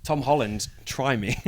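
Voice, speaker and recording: A young man with a British accent, a wrestler chatting as a guest in an interview, playful and quick to laugh. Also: fairly low pitch. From United Kingdom. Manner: playful, jokey, laughs easily. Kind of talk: casual interview chat.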